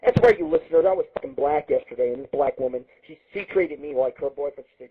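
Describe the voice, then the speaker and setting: A man hosting an internet radio show, telling crude rambling stories in a profane, excitable monologue. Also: medium pitch, fast. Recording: husky lo-fi phone-line sound.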